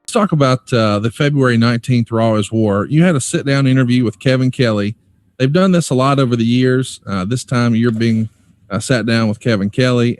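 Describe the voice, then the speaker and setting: A man hosting a relaxed interview, talking at a middle pitch and quoting old promo lines with amusement. The sound is dry and close, with no room echo. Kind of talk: conversational interview.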